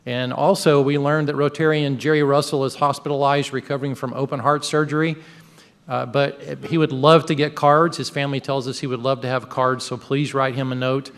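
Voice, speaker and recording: A man's voice: mid-range voice, level tone, brisk, clear, resonant tone. Upbeat man reading club announcements. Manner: upbeat, joking. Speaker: club president. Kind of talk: meeting announcements. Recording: long reverb of a large hall.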